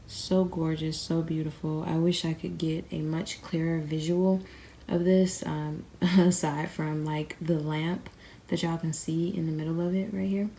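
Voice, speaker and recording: A woman's voice: low-pitched, little pitch movement, a little slow, warm tone, a little hiss or hum. A young woman chatting casually to her viewers from her bed, unwell and a bit out of breath, rambling and calling them y'all. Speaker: crystal vlogger. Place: in bed in a bedroom. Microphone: camera sitting on the bed beside her.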